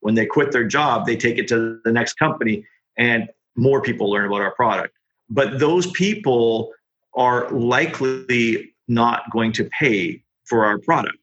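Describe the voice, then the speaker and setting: A middle-aged man, a startup founder, telling his story in a casual podcast interview with quick, animated delivery. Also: medium pitch. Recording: dull lo-fi sound.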